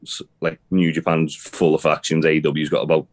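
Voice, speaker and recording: A young man with a very low, deep voice talks casually as a co-host. He wanders through his points with lots of fillers, false starts and the odd swear word. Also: level tone, brisk. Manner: rambling, many restarts and fillers, swears casually. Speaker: podcast co-host. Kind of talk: casual chat about wrestling.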